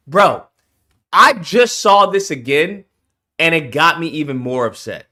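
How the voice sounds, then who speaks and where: A man's voice: on the high side, sing-song, a little slow, sharp tone. A man streaming a reaction, ranting heatedly and profanely to his viewers. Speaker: streamer reacting to a game showcase. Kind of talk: casual reaction rant.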